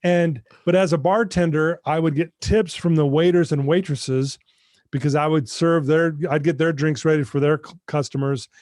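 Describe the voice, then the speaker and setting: Speaking straight to the host over a video call, this middle-aged podcast guest, an addiction recovery mentor, recounts his recovery with heartfelt sincerity. His voice runs on the high side with a steady, darkish tone at normal speed, and the studio recording is clean with no echo.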